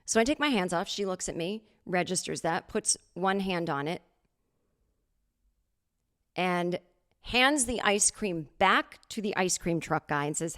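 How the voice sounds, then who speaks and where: A woman's voice: lowish voice, a little slow. Sarcastic woman telling a comic story. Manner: sarcastic, animated, acts out other people's lines. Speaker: podcast host. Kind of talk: comedic storytelling monologue.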